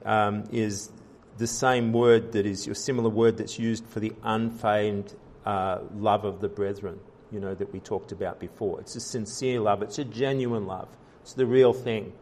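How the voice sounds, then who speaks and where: A man's voice: on the low side, fairly even intonation, normal speed, a little mellow, slight background noise. A man preaching a sermon as pastor, in an earnest style with frequent fillers, restarts and rising emphasis.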